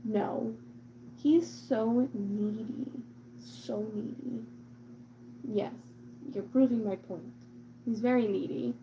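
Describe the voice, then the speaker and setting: A woman's voice: fairly high pitch, takes it slowly, long pauses, lo-fi sound, noisy background. A woman vlogging casually about her cat, rambling with lots of "like" and "um", and slipping into cooing baby talk with the cat. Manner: chatty, rambling, full of "like" and "um". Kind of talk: casual chat to camera.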